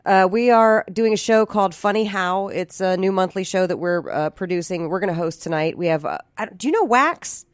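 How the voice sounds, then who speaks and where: A woman's voice: mid-range voice, dry recording. Chatty woman on a dry mic. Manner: chatty and animated, quick laughs. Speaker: guest, voice actor and comic. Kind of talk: casual podcast chat.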